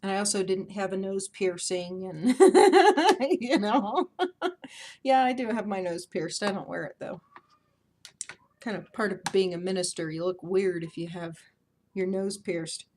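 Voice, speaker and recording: A woman's voice: medium pitch, animated, unhurried, a little mellow, slight background noise. A woman in her thirties talking casually to camera at home, chatty and self-mocking, often laughing. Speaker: beauty vlogger. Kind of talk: casual vlog chat.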